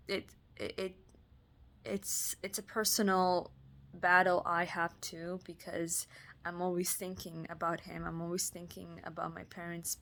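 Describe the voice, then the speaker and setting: A young woman from Canada speaks in a fairly low, steady voice with little rise and fall. She talks haltingly, circling back with fillers and restarts as she shares her faith in a personal vlog. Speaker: vlogger.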